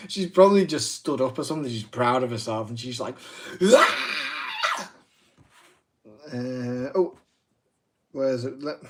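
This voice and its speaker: Man, 30s, mid pitch, livestream craft host, rambling and self-deprecating. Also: darkish tone. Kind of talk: casual live craft demo.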